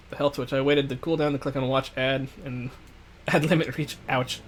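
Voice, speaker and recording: A man's voice: mid-range voice, little pitch movement, moderate pace. A man streaming a game, reading the story text aloud and adding playful asides to his viewers. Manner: chats with viewers while eating. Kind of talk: let's-play voicing game text.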